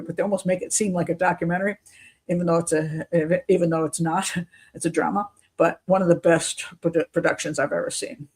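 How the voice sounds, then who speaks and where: A woman's voice: fairly low pitch, darkish tone, breathy edge. Chatty, skeptical woman thinking aloud. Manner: thinks aloud, restarts sentences, chuckles often; skeptical, questioning. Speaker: criminal profiler hosting a live show. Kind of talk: live-stream commentary answering chat.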